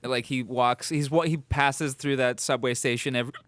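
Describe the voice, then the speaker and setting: A man's voice: medium pitch, fairly even intonation, normal speed, a bit bright, no echo. A man co-hosting a podcast, telling a rambling made-up story between laughs, with the hiccups. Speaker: podcast co-host. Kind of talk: casual comedic chat.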